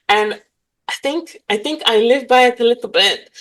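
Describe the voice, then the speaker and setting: Animated woman. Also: fairly high pitch, a little slow, low-quality recording. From Bulgaria. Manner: animated, laughs often, many fillers. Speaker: guest. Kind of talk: casual interview chat.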